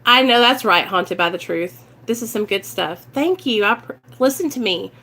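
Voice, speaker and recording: A woman's voice: a little high, expressive, moderate pace, sharp tone. A woman with a Midwestern American accent talking earnestly and emotionally to her viewers in a casual livestream chat about recovery. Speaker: recovery vlogger.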